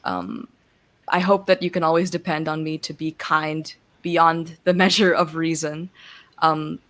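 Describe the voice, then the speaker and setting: A woman in her twenties, a guest reading a heartfelt letter in an earnest, soft-spoken way over a video call. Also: fairly low pitch. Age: 20s. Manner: earnest, soft-spoken, with laughs and gushing emotion. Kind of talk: reading a heartfelt letter, then casual chat.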